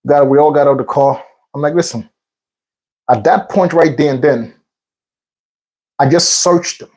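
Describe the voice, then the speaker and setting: A man's voice: fairly high pitch, moderate pace, a little mellow, low-quality recording. A man casually telling a rambling personal story between workout sets, repeating himself and filling in with fillers. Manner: rambling, repetitive retelling with many fillers. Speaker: vlog host.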